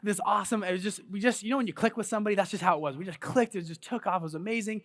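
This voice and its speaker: Man, 30s, high-pitched voice, animated motivational speaker in a big hall. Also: rapid-fire. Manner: storytelling, animated, hypes the crowd. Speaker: conference speaker. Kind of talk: motivational stage talk. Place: large event hall on stage.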